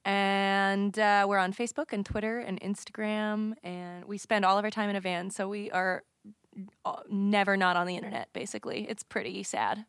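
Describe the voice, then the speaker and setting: A woman's voice: mid-range voice, level tone, moderate pace, fairly bright tone, smooth, dry recording, clean studio sound. A woman guest from a band, chatting casually and laughing with the host. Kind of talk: casual interview chat.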